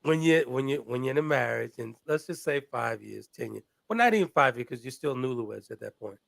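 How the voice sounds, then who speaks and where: A man's voice: mid-range voice, expressive, brisk, creaky, fairly bright tone, dry recording. A man co-hosting a casual live-stream talk show, laughing often and sounding incredulous. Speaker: co-host and coach.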